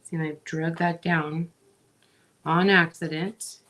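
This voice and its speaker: A middle-aged woman hosting a craft video walks viewers through a project slowly and without hurry. She's chatty, talking to them as she works and often breaking off for small asides and fillers. Her voice sits fairly low for a woman and stays relaxed and conversational in this casual demonstration.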